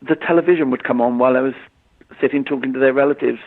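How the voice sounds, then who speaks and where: An English man in his sixties, a medium, answering interview questions in a halting way, often repeating words and using fillers. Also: medium pitch, fairly even intonation. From England. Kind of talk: conversational interview. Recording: tinny phone-line audio.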